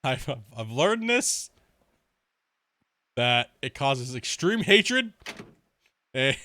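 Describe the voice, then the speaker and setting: A man's voice: mid-range voice, very animated, extremely slow, pauses often, pushed and bright, no room sound. A man streaming a game, chatting casually, swearing and laughing as he rambles through stories. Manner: crude, swearing, laughs often; rambling storyteller with many restarts. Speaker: gaming streamer. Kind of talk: casual live-stream chat.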